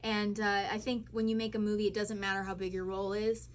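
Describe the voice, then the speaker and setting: A young actress woman telling chatty, animated stories with fillers at a live cinema Q&A. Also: medium pitch, quick pace. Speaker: actress at a screening Q&A. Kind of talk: live Q&A storytelling. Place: cinema auditorium.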